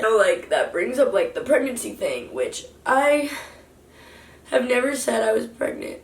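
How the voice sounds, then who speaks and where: A woman's voice: on the high side, sing-song, measured pace, gravelly, far from the mic. Young woman venting in an echoey room. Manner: rambling, heated retelling full of "like". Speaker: vlogger. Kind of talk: confessional storytime vlog. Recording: echoey room, voice away from mic.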